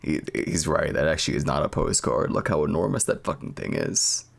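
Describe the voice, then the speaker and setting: A man's voice: rumbling low, brisk, gravelly. A man streaming, chatting casually and profanely, rambling and laughing at himself.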